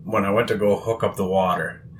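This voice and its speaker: A man's voice: on the low side, fairly even intonation, brisk, a crowd in the background. A young man casually and animatedly telling work stories in a podcast interview, often laughing.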